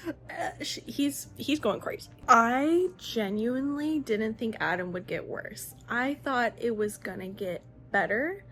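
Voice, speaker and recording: A woman's voice: a little high, expressive, unhurried, fairly bright tone. A young woman chatting casually as she recaps a book series, gushing and swearing freely. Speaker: book vlogger.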